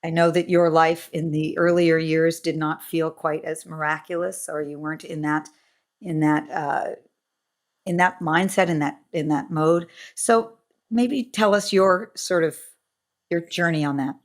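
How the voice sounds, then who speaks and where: A woman's voice: deep voice, fairly even intonation, measured pace. A middle-aged woman hosting a podcast interview, effusive and gushing with praise. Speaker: podcast host.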